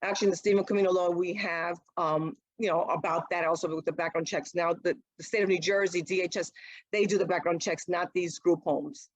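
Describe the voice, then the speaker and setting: A woman's voice: on the low side, fairly quick, no echo, dull audio. A middle-aged woman, a guest mother, telling her story in a casual interview and acting out what others said. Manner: animated, acts out quoted speech. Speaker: guest, mother of an autistic son.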